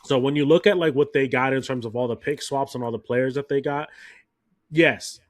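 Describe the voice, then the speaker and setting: Animated young man telling stories. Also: mid-range voice, fairly quick, no room sound, studio quality. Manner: animated storyteller, swears freely. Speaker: podcast co-host. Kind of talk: casual sports chat.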